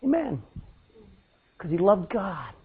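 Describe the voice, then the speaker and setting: A man preaching a sermon, telling stories loudly and acting out what people said. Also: high-pitched, slow, creaky, husky, phone-quality sound. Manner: loud, animated preaching with acted-out quotes. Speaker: pastor. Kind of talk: storytelling sermon.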